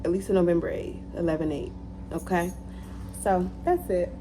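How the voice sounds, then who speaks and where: Woman vlogger, animated motivational talk, repeats lines for emphasis, faint hum behind. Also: on the low side, moderate pace. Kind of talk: casual motivational talk to camera.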